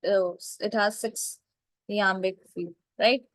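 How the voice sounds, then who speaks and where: Woman teacher going over lit terms, slow, keeps saying right? clear?, dry close sound. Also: mid-range voice, fairly even intonation, no room sound, rough recording. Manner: slow, repetitive, checks understanding with "right?" and "clear?". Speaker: literature teacher. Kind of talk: classroom lecture.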